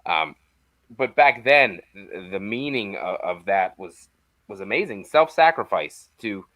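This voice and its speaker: A man's voice: on the low side, expressive, a little slow, a bit bright, no room sound. A man talking as a podcast guest in casual chat, easygoing and enthusiastic.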